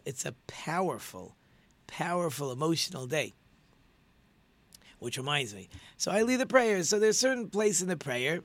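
A middle-aged man who leads prayers gives an informal religious teaching. His voice sits a little high for a man, and he talks earnestly, repeating key words to drive them home. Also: fairly bright tone.

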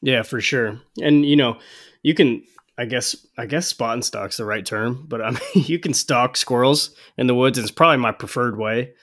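A man's voice: medium pitch, moderate pace, a bit bright. A man hosting a casual hunting podcast, talking in a laid-back, rambling way with fillers and the odd slip. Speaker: podcast host.

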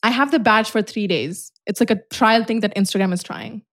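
A woman co-hosting a podcast, telling a story in a casual, animated way, swearing and laughing often. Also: medium pitch, a little fast. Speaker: podcast co-host. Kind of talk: casual chat.

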